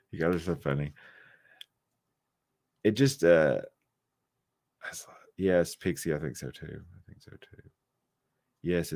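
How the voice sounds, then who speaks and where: A man's voice: sits low, a bit bright, no echo, studio quality. A man hosting a casual livestream, reading and answering viewer chat with jokes and teasing, a little tipsy from wine. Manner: chatty, teasing, joking with chat. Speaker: livestream host.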